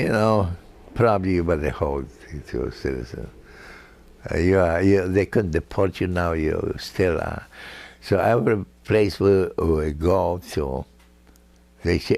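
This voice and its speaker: An older man telling family stories in a halting, chuckling way, with many fillers and broken, non-native grammar. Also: low voice, gravelly, a little mellow. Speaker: grandfather recounting family history. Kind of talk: casual personal storytelling.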